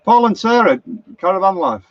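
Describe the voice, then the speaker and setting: A man's voice: high voice, big pitch swings, normal speed, no echo. Chatty Lancashire man, dull lo-fi stream. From Lancashire, England. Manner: chatty, anecdotal, reads out viewer comments. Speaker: motorhome vlogger. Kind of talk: rambling live-stream chat. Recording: dull lo-fi live stream, dry.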